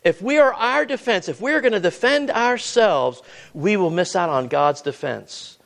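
Lively high-pitched male preacher. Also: moderate pace, vocal fry. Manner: expressive preaching, repeats words, asks questions. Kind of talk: sermon.

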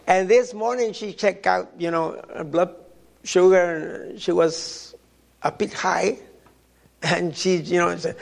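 Halting older man preaching, gravelly. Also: sits high. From Mexico. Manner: halting, repeats words, storytelling. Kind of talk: sermon.

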